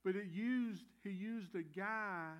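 A middle-aged pastor, preaching a sermon in a folksy, earnest way with many "you know" fillers. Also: male voice, high-pitched, slow, smooth.

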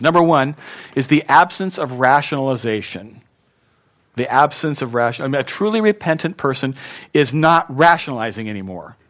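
Here a male pastor with a mid-range voice preaches emphatically. His sermon swings between booming, punchy lines and softer ones, and he has the crowd say words back to him.

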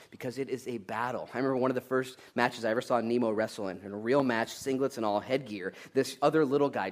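A man preaching a sermon in a lively, conversational way, laughing now and then and building to emphatic, loud peaks. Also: medium pitch. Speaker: pastor.

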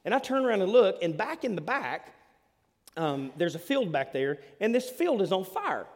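A man, preaching a sermon as pastor, telling stories with big swings between loud and hushed delivery. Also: sits high, big pitch swings, normal speed. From Alabama. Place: church hall. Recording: long hall reverb.

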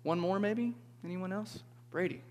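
Casual preacher in a reverberant hall. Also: male voice, sits high, moderate pace. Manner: conversational, asks the group questions, tag "okay?". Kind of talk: interactive sermon.

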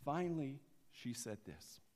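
A man, a pastor, preaching a sermon that moves from quiet passages to emphatic ones. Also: mid-range voice, very animated, a little slow. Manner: dynamic, swinging from quiet to emphatic. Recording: long church reverb.

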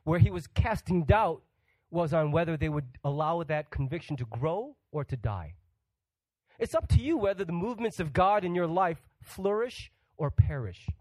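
Higher-voiced joking male preacher. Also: sing-song, moderate pace, darkish tone, no room sound, rough recording. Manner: humorous, acts out quoted voices; asks the audience questions. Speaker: guest pastor. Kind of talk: sermon.

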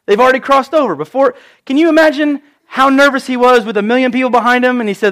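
Man, high voice, animated sermon, acts out quotes. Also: quick pace, hardly any pauses. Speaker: pastor.

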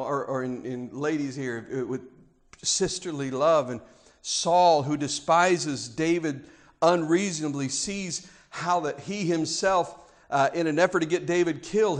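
High-voiced emphatic preacher man. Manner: emphatic, swings between hushed and loud. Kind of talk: sermon.

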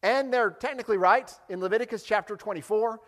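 A man preaching a sermon, explaining scripture with animated delivery and acted-out quotes. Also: sits high, fairly quick, big-room sound. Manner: animated, acts out quoted lines. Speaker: pastor.

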